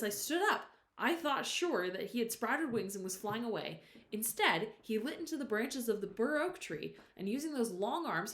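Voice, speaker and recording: Expressive woman reading a novel aloud. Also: mid-range voice. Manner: expressive, stops to explain words to listeners. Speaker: storyteller. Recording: roomy echo.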